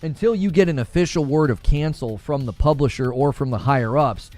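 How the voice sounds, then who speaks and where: A man's voice: mid-range voice, a little fast, faint music behind. A middle-aged man hosting a casual gaming livestream, talking through news and reading out viewer comments with frequent chuckles. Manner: animated, conversational, chuckles often.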